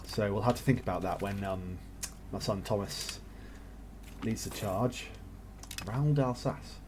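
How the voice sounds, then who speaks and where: A man's voice: fairly low pitch, a little slow, noisy background. A man casually commentating his own strategy game play as he thinks aloud, with jokey asides. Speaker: gameplay streamer. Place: home setup, recorded live on a voice chat.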